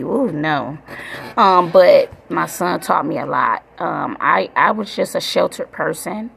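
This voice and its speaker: A woman's voice: low voice, vocal fry, a bit bright, slightly rough. A woman in her thirties talking to her viewers in a casual, heartfelt vlog, rambling with many fillers. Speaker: vlogger, mother. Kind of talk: casual reflective vlog chat.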